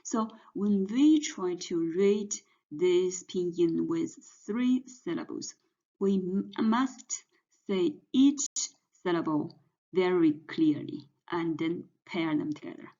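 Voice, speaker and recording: A woman's voice: fairly low pitch, expressive, slow pace, mellow. A woman teaching pinyin pronunciation, patiently spelling out each sound and then blending the sounds together. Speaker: Chinese language teacher. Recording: dull, muffled lo-fi audio.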